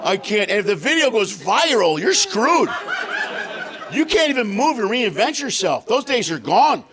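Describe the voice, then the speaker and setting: A middle-aged man doing a stand-up comedy set, telling stories with animated delivery and shouting the punchlines. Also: very high voice, moderate pace, a crowd in the background. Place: live comedy stage. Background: audience laughter.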